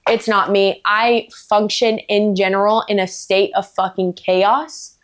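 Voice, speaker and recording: A woman's voice: mid-range voice, steady tone, unhurried. A woman speaks in a mid-range voice, ranting casually to her camera about books. She is blunt and emphatic, swears freely, and breaks into playful, self-mocking asides. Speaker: book vlogger. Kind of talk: casual vlog rant.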